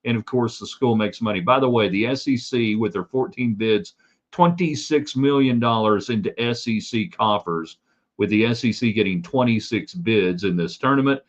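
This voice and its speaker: A man's voice: lowish voice, moderate pace, dull audio. Opinionated male sports talk host. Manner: opinionated, rambling with asides. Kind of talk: live sports talk stream.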